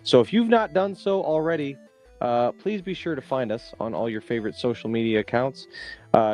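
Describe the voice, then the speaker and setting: A man's voice: medium pitch, a little mellow. Playful storytelling man. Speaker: podcast co-host. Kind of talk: casual chat.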